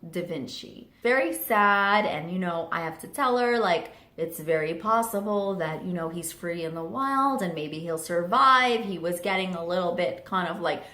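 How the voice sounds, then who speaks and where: A young woman telling a chatty storytime vlog story, animated with lots of fillers. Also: lowish voice, normal speed, hardly any pauses. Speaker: vlogger. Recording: roomy echo.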